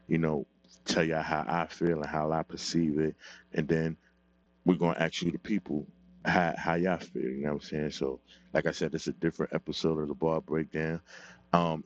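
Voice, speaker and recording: Very deep-voiced laid-back New man. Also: darkish tone. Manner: laid-back, repeats "you know what I'm saying". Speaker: commentary show host. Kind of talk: casual commentary. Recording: muffled lo-fi audio.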